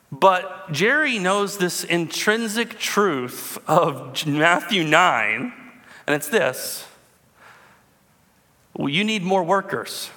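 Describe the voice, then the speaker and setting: A man in his thirties, a pastor preaching a sermon with animated storytelling and calls to the congregation. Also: fairly high pitch, vocal fry, in a large hall.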